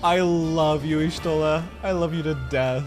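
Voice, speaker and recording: With music playing underneath, a streamer chats directly to viewers at a moderate pace. The mid-range voice carries casual, excitable, giggly live game commentary.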